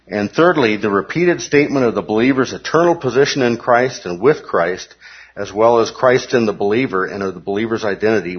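Husky-voiced man teaching a Bible class. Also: lowish voice, lo-fi sound. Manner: conversational, checks in with the class.

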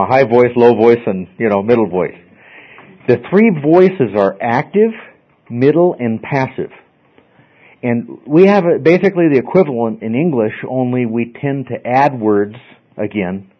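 Male teacher mid-lecture in a classroom, patient explainer, slightly dull lo-fi recording. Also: medium pitch. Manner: explains step by step, checks in with frequent "okay?". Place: classroom with students.

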